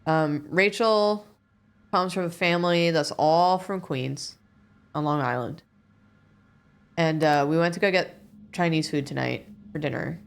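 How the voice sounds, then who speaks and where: A woman with a lowish voice, co-hosting a game stream and chatting in a lively, casual way. She tells stories and reacts to the game as she talks. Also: unhurried, gravelly, long pauses. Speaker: co-host. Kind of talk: casual let's-play chat.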